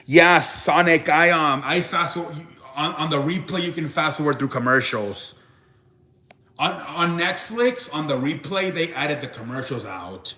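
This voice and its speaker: Young guy rambling on a live stream, kinda high voice, echoey room, keeps restarting lines. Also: lively intonation, measured pace, pushed and bright. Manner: rambling, restarts often, reacts to chat. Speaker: live show host. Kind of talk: casual live-stream wrestling chat.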